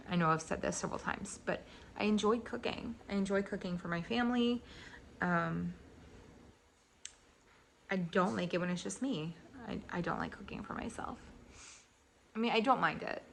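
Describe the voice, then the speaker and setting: A woman's voice: fairly low pitch, vocal fry, fairly bright tone, slight background noise. A woman in her thirties talking casually into her phone for her vlog, chatty and rambling. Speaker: vlogger. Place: in her car, then at home. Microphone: phone held at arm's length.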